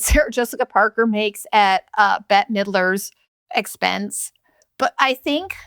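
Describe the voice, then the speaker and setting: A woman's voice: a little high, a bit bright, no room sound, clean studio sound. Profane, rambling woman in her forties. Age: 40s. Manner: profane, rambling, jokey storytelling. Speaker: podcast host. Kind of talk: casual solo podcast chat.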